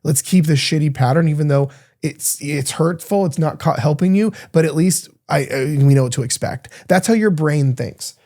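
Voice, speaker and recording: Blunt, mellow-voiced male podcast host. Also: on the high side, normal speed. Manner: blunt, emphatic, swears freely. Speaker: podcast host and diet coach. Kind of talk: casual podcast monologue.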